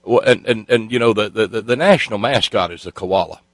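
A man's voice: on the low side, a little fast, dry recording, poor audio. A man playing a folksy, rambling male missionary who stumbles over his words as he tells a tall tale. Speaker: comic radio co-host.

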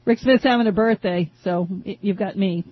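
A woman's voice: medium pitch, slightly rough, no room sound. Chatty talk radio host, woman from Maine. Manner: chatty, joking, quick asides and laughs. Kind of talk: casual talk radio banter. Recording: dull, slightly lo-fi radio broadcast.

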